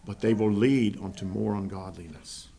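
A man teaching a Bible lesson to a small group, earnest and halting, often restarting his sentences. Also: fairly low pitch, vocal fry, dark tone, slight background noise. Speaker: preacher.

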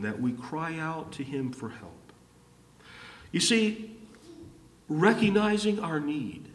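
A pastor preaching a sermon, repeating his key phrases and swinging from emphatic high points down to low, quiet lines. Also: very animated, slow, long pauses. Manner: repetitive, rising to emphatic peaks and dropping low. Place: church hall. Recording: echoey hall from far off.

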